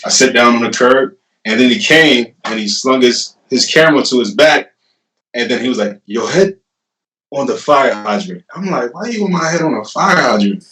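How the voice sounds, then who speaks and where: A young man in his twenties tells his story as a guest in a loose, laughing, animated way. He sits a little back from the mic. The room adds a noticeable echo. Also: mid-range voice, normal speed. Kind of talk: casual storytelling. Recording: roomy, distant mic.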